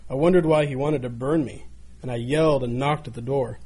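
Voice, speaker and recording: A man's voice: medium pitch, fairly even intonation, brisk, warm tone, breathy edge, close to an everyday voice. A man voicing a talking teacup that tells how it suffered in the potter's hands, pleading and crying out.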